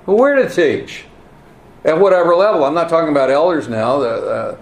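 A man preaching a teaching sermon, earnest and emphatic, with wry asides and halting repeats. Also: fairly high pitch, expressive. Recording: roomy echo, faint ambience.

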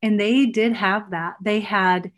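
A woman's voice: mid-range voice, steady tone, takes it slowly. A woman in casual conversation who speaks earnestly and reflectively about emotions and inner truth. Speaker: guest, former coach.

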